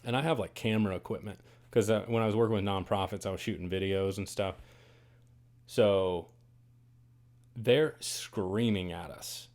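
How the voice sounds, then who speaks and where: A man hosting a podcast, telling a story in a casual, animated and dramatic way. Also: fairly low pitch, moderate pace, pauses often. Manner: animated, dramatic, swings to loud bursts on quoted lines. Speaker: podcast host. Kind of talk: casual first-person storytelling.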